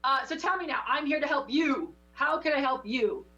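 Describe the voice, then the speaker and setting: Animated woman preaching through a card reading. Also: high voice, moderate pace, lo-fi sound, soft background music. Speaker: spiritual teacher giving oracle card readings. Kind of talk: intuitive coaching chat.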